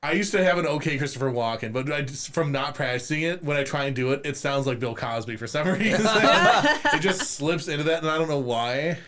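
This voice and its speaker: A man's voice: a little high, animated, a little fast, few pauses, fairly bright tone, slight background noise. A man co-hosting a podcast, talking in joking, playful banter. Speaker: podcast co-host. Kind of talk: casual chat.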